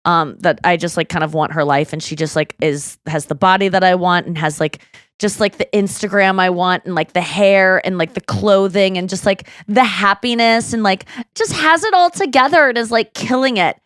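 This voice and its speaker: A woman's voice: mid-range voice, moderate pace, no echo, studio quality. A woman hosting a podcast in casual chat, candid and rambling, with frequent fillers. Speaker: podcast host.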